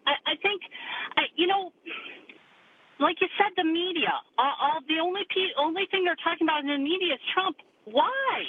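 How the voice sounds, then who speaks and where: A woman calling in to a radio talk show, speaking in a halting, conversational way with many fillers. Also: extremely high pitch, expressive. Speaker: caller. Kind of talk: phone-in caller to talk radio. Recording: tinny phone line, faint hiss.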